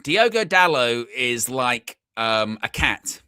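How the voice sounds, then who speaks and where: A young man hosting a live football watchalong, chatty and excitable, shouting when his team scores. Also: medium pitch, slow pace, smooth, no room sound, clean studio sound. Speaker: fan watchalong host.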